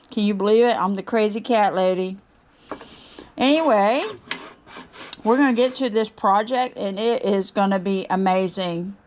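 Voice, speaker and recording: A middle-aged woman, gushing and bubbly as she chats casually to camera about her woodturning project. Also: medium pitch. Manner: bubbly, gushing, excited exclamations. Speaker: woodturning channel host.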